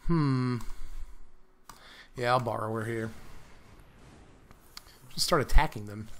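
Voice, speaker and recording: A man's voice: medium pitch, slow pace, fairly bright tone, slight background noise. A young man giving casual, playful commentary on a card game, laughing often and sometimes slipping into a mock British accent. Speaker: gameplay commentator.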